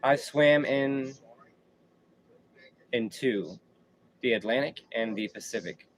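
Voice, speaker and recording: A man's voice: mid-range voice, lively intonation, takes it slowly, slight background noise, low-quality recording. A man hosting a casual live stream, chatting in a slangy, laid-back way and often repeating himself. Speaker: livestream host.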